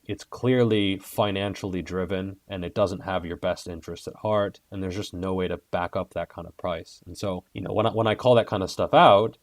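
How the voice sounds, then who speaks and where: A man's voice: low voice, no room sound. A man speaking as an interview guest, blunt and heated, swearing freely as he rants. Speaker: guest, fitness content creator.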